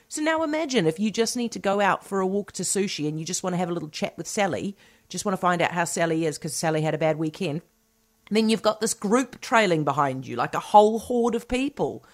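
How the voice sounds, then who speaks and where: A woman's voice: on the low side, expressive, a little fast. Chatty, opinionated Australian woman radio host. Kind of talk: casual talk radio.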